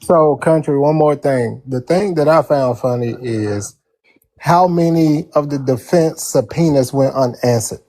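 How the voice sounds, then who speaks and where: A man joining the stream as a guest, explaining calmly. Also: mid-range voice, unhurried. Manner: calm, explanatory.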